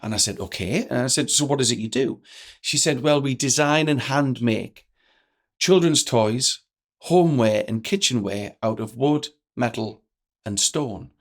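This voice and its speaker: A man, a guest telling stories in a lively way and acting out the lines of the people in them. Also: medium pitch, unhurried. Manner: energetic, acts out quoted dialogue. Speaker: guest speaker. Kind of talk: animated storytelling in a podcast interview.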